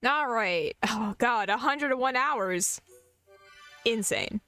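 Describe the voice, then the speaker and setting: A young adult woman commenting on a game stream in a playful, joking way, her pitch slightly high and swinging widely while she talks slowly. Faint music plays behind her. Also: expressive, bright, forceful tone, no echo. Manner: playful, laughing, jokey asides. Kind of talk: casual gameplay commentary.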